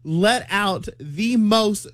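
A radio co-host, a man, telling a self-mocking story in an excitable way and laughing through it. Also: high voice, very slow, dry recording. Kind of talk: animated storytelling on a radio show.

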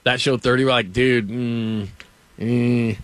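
A man chatting on sports radio, telling a long, loose anecdote with plenty of fillers. His middle-pitched voice is close on a studio microphone in a dry booth with no room sound. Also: fairly even intonation, slow, no room sound. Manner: rambling anecdotal storytelling with laughs. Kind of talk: casual sports radio chat.

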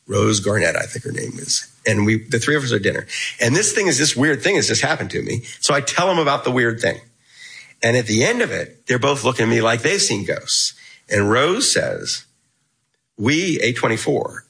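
Middle-aged male guest, low bright husky voice, lively yarn-spinner. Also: rough recording. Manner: animated anecdote-telling with quoted dialogue and laughs. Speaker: guest author. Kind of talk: casual storytelling in an interview.

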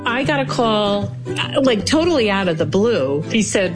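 Woman, personal storytelling, lively, acts out quotes, medium pitch. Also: unhurried, over music. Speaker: storyteller recounting her experience.

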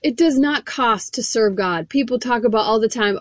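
An earnest woman preaches a sermon, reading scripture aloud and turning to press her points directly on the listener. Her voice sits a little high, and the sound is close and dry with no room around it. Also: moderate pace, hardly any pauses, no room sound.

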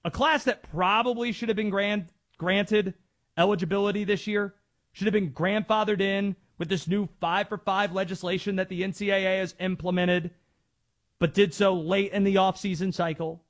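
A man's voice: high voice, fairly even intonation, normal speed. A man hosting a sports talk radio show, ranting in an emphatic, mocking way.

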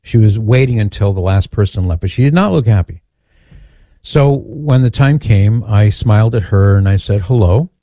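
A man with a low, mellow voice tells a personal story in an easy, conversational way. He is candid and pokes fun at himself. The sound is close and dry, with no room echo. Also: moderate pace. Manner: conversational, candid and self-deprecating. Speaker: Catholic speaker and author. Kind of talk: storytelling talk.

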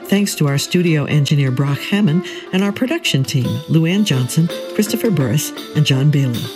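A woman hosting a public radio early music program, reading the closing credits in a measured, articulate way. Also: low voice, expressive. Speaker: radio host. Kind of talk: scripted radio outro. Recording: studio voice over music.

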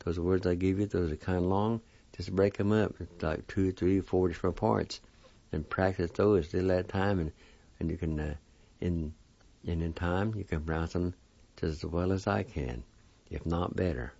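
A man teaching a weekly pronunciation lesson. He sounds out words slowly, syllable by syllable, and then repeats them whole. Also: low-pitched, gravelly, mellow, lo-fi sound. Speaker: language teacher.

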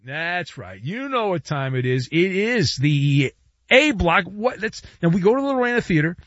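A man's voice: high voice, sing-song, moderate pace, fairly bright tone, dry recording. A man hosting a sports talk radio show, riffing in a sarcastic, mock-dramatic way into a studio microphone. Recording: dull, dry studio sound.

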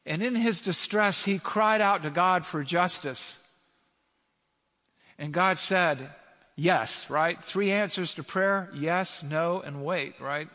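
A man preaching in a church, pressing his points hard and firing rhetorical questions at the congregation. His voice sits a little high for a man. The sound rings out with a long reverb, as in a large sanctuary. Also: takes it slowly, sharp tone. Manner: emphatic, asks the audience rhetorical questions. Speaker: pastor. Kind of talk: sermon.

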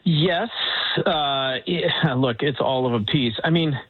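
A man's voice: fairly high pitch, husky. Indignant man on a tinny phone line. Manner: indignant, halting with restarts. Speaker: guest commentator. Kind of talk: political talk commentary.

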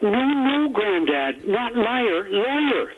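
A man's voice: very high-pitched, big pitch swings, slow, a little hiss or hum, pitched above the performer's own voice, exaggerated voice. A man quoting a flustered young lawyer who keeps correcting his grandfather, told over the phone. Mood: insistent. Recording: tinny phone line.

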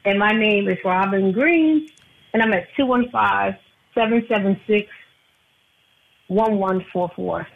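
A woman's voice: medium pitch, unhurried, vocal fry, long pauses. A woman calling into a radio show as an insurance agent guest, talking earnestly and repeating her phone number. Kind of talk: casual radio talk. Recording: tinny phone line.

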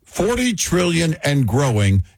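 A man hosting a political talk show, speaking in a frustrated, emphatic way with a husky voice. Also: on the high side, huge pitch swings, unhurried, no room sound.

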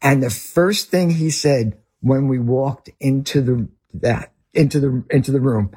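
A middle-aged man with a Northern US accent, a ministry leader telling a story as a guest in an interview, earnest and halting with many restarts. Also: mid-range voice, a little mellow, slightly rough.

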